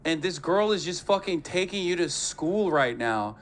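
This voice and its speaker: A man with a high-pitched voice talks fast and loose on a live stream. He swears freely and keeps things animated as he reacts to clips. His delivery is casual and mocking. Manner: profane, animated, mocks voices.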